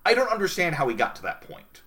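This podcast co-host has a high voice with wildly swooping pitch, and he talks fast in a pushed, bright way. Reviewing anime casually, he rambles and hesitates, filling his speech with lots of fillers.

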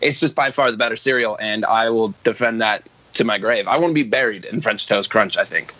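A man's voice: on the low side, brisk, pushed and bright, dry recording, rough recording. A man on a casual podcast panel, arguing a trivial opinion with playful earnestness. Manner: playfully earnest, self-amused.

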